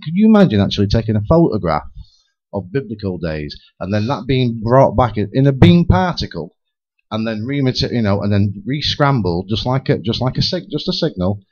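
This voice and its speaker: Rambling theorizing man on lo-fi radio. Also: on the low side. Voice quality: lively, theorizing, many restarts. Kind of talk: rambling speculative radio chat. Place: radio studio. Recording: lo-fi radio broadcast.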